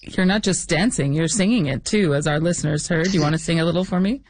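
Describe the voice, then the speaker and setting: Curious woman radio host, lowish voice. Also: fast talker, dry recording. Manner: warm, laughing, curious questions. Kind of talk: radio interview.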